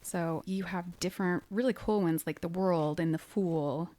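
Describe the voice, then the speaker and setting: A woman's voice: lowish voice, steady tone, normal speed, mellow, no room sound. A woman co-hosting a casual podcast, explaining tarot cards in a chatty, easy way with bursts of laughter. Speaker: podcast co-host, medium.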